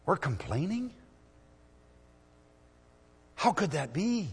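A middle-aged man preaches in a church, rising to loud exhortation and then dropping to hushed storytelling. His voice sits at an ordinary pitch. It rings with the long reverb of a big hall. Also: expressive, moderate pace. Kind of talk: sermon.

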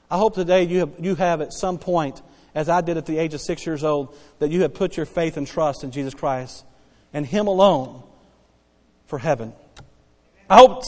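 A man preaching a sermon as pastor, emphatic and repetitive, dropping soft then rising loud to stress his points. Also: high voice. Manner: emphatic preaching, repeats key phrases, swings between soft and loud. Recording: long hall reverb.

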